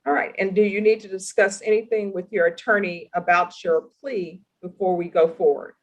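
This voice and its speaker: A woman with a mid-range voice presides as a judge in a courtroom. She questions people formally and deliberately, with a stern edge. Her phrasing is measured and firm. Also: medium pitch, fairly even intonation, highs cut off. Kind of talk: courtroom plea hearing.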